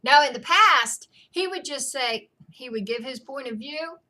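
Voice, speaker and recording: Bright, kinda high lady, chatty and amused, casual q&a. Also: lively intonation, a little slow. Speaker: co-author answering reader questions. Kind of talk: casual Q&A chat.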